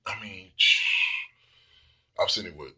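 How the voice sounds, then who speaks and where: A man's voice: low voice, slow, sharp tone, slightly rough. A man giving a blunt, profane casual monologue full of fillers. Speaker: commentator.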